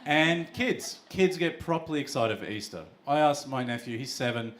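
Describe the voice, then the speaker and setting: Profane Australian comedian, lively swings in pitch. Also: male voice. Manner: profane, acts out characters in quick voices. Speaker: stand-up comedian. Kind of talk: stand-up comedy set. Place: comedy club stage with a live audience. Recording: loud noisy live room with audience laughter.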